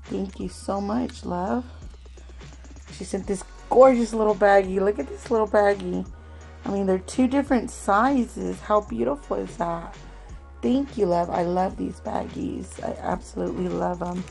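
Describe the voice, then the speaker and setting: Slow gentle woman, gravelly mellow voice. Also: medium pitch, soft background music, low-quality recording. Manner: slow, gentle, calls viewers "love" often. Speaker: craft swap host. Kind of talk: unboxing vlog.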